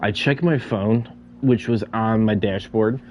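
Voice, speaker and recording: A man's voice: on the low side, a little slow, a little mellow, dull audio, a little hiss or hum. A young man casually telling a story about a night out, often stuck repeating syllables before a word comes out. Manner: stammers, repeating syllables many times.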